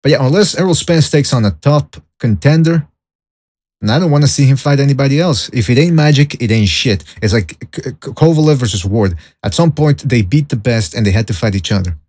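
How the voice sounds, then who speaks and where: A man's voice: mid-range voice, expressive, a little fast, warm tone, slightly rough, dry recording. A man hosting a boxing podcast alone. He rambles, gives strong opinions, jokes and reads out the live chat. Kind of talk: solo livestream podcast chat.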